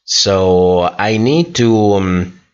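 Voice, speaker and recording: Slow, low-voiced tired man on stream. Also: expressive, clear, resonant tone. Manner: rambling, many fillers and restarts. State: tired, voice worn out. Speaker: livestream host. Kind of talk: casual livestream chat reading comments. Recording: dull lo-fi stream audio.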